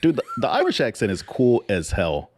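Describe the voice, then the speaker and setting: A man's voice: medium pitch, wildly swooping pitch, normal speed, darkish tone, slightly rough. A man co-hosting a podcast in casual chat, laughing often, swearing and stumbling over repeated words. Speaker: podcast co-host.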